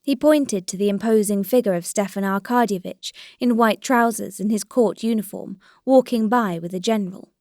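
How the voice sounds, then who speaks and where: A woman narrating a classic novel as an audiobook in a steady, even storytelling voice. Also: mid-range voice, normal speed, hardly any pauses, no room sound, clean studio sound. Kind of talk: scripted narration.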